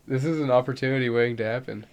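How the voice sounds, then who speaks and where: A man's voice: medium pitch, rapid-fire, clean tone. A young man co-hosting a podcast, joking playfully in casual chat. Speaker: podcast co-host.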